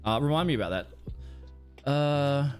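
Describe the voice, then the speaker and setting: A man's voice: fairly high pitch, animated, unhurried, soft background music. A man streaming live, chatting casually and reacting to clips, rambling, swearing and laughing often.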